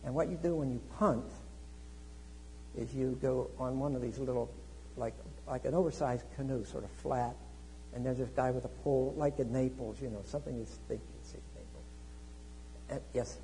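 A man preaching a sermon, telling a travel story with lively swings between quiet asides and loud exclamations. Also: medium pitch, moderate pace, a little hiss or hum, poor audio. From United States.

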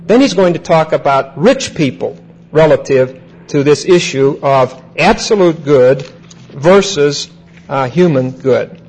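A male pastor preaching a verse-by-verse sermon. He repeats key phrases, checks in with "Okay?", and slows down to stress key words. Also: fairly high pitch, animated, darkish tone, breathy edge, low-quality recording. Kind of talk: expository sermon.

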